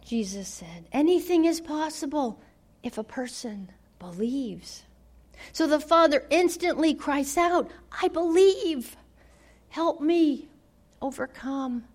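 A woman preaching a sermon, dramatic, swinging from loud declarations to hushed near-whispers. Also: sits high.

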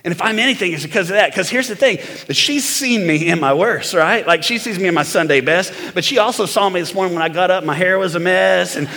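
Bright-voiced preacher in a reverberant hall. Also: male voice, sits high, fast talker, hardly any pauses. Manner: animated preaching, prompting the crowd for amens. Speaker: pastor. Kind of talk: sermon.

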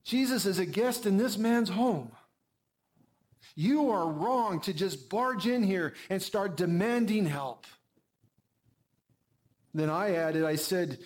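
A man preacher telling a story in first person as a character, shifting from animated to hushed. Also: high-pitched, slow, long pauses. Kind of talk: first-person dramatic sermon monologue.

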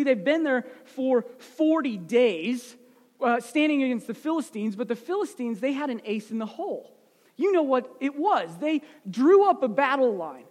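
A male preacher telling a Bible story in a conversational way, often asking the audience questions. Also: extremely high pitch. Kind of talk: sermon storytelling. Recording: echoey hall.

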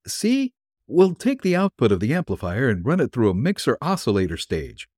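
A man voicing an excitable, gruff male radio inventor who rattles off technical plans in a rush. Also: mid-range voice, dry recording, studio quality, voice pushed up. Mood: excited. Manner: excited, rapid technical explaining.

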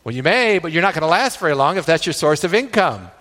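A man's voice: on the high side, very animated, fast, fairly bright tone, in a large hall. A man preaching a sermon as pastor. He often checks in with the congregation by asking "right?" and retells scripture at length.

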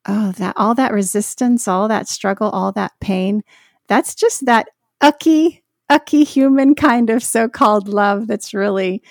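Slow, gravelly-voiced woman guest. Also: mid-range voice, dry recording, clean studio sound. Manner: earnest, heartfelt, with soft laughs. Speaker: podcast guest. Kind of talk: Christian podcast conversation.

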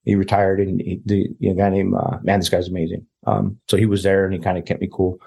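A man's voice: deep voice, level tone, fast, gravelly, dark tone, breathy edge. A man, a guest telling a personal story in casual, rambling talk, often quoting other people. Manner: rambling, quotes others in dialogue. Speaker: interview guest.

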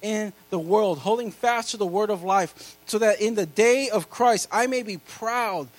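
Pastor guy, high voice, reads verses loud n slow then chats quiet to the church. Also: rough recording. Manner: swings from loud scripture reading to quiet fast asides. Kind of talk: sermon.

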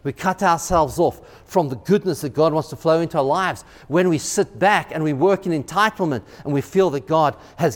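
A male pastor preaching a sermon in a church, animated, often repeating words and acting out quotes. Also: on the high side, long reverb tail.

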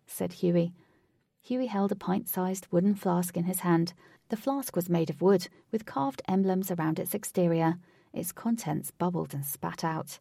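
A woman narrating a story aloud in a steady, even reading voice. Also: on the low side, moderate pace, creaky, no echo, clean studio sound, distant mic. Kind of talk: audiobook narration.

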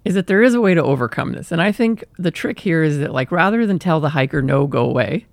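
Young man, podcast host, gravelly voice, dry close sound, chatty self-deprecating talk. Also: high-pitched, animated, fast talker, no room sound. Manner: chatty and self-deprecating, acts out his inner voice. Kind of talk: casual solo podcast monologue.

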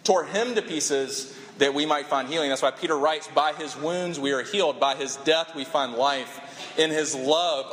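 A man preaching a sermon with impassioned, animated storytelling and dramatic pauses. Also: a little high. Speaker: pastor. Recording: echoey hall with long reverb.

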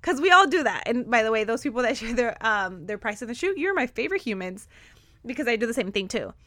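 A woman's voice: a little high, fast talker, no echo. A woman hosting a motivational podcast, talking energetically and emphatically, repeating key words. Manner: energetic, enthusiastic, emphatic repetition. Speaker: podcast host.

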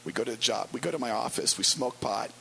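A man preaching a conversational sermon as pastor, wry and storytelling with quick asides. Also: medium pitch, gravelly, bright, forceful tone, slight background noise, low-quality recording.

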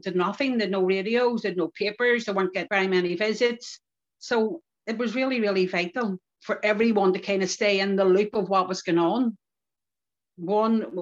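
An older woman with a Northern Irish accent, telling lively stories from her past in a relaxed interview. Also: medium pitch. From Northern Ireland. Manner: lively anecdotal, local turns of phrase. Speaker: community activist interviewee. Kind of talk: reflective storytelling. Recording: dull lo-fi podcast recording.

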